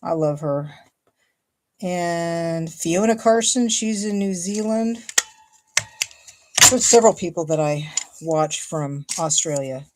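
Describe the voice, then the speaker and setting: Speaking slowly and pausing often, this Ohio woman talks in a lowish voice while making a paper card for her casual crafting livestream. She's a chatty host who thinks aloud as she cuts and glues, with background noise audible.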